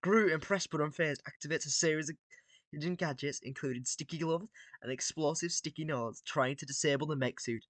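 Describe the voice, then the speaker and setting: A man with a bright, forward voice, recorded close and dry, reads battle text out loud. He delivers it casually, drops asides and the odd swear between sentences. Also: on the high side, fairly quick, no echo. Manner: casual, swears and laughs between read lines. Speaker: video creator. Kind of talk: reading out and reacting to AI-written battles.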